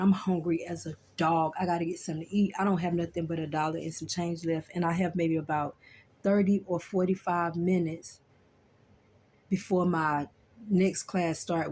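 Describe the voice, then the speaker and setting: A woman's voice: lowish voice, darkish tone, a little hiss or hum. A young woman casually telling a personal story in a chatty, colloquial way, often checking in with "you know what I'm saying.".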